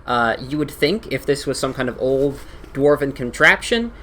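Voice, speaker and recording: A man running a tabletop game, his rambling narration full of fillers and restarts. His pitch rises and falls a lot as he describes things. Faint noise sits under his voice. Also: animated, normal speed, pushed and bright. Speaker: game master.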